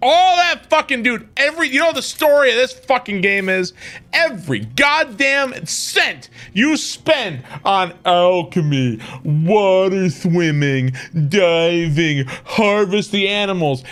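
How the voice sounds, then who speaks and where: Casting: male game streamer, high, bright voice, exasperated profane rants. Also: big pitch swings, takes it slowly. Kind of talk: casual gameplay commentary.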